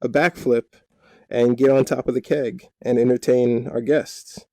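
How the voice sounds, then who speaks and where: A man's voice: mid-range voice, steady tone, unhurried, a little mellow, no room sound, close to an everyday voice. A man voicing a little male showman who is eager to entertain, bouncy and boastful.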